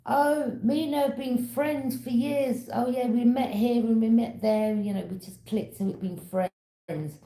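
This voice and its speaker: A woman's voice: a little high, fairly even intonation, measured pace, mellow, echoey room, voice pushed up. A woman playing a breezy man, mock-innocent. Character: smooth-talking man insisting on friendship.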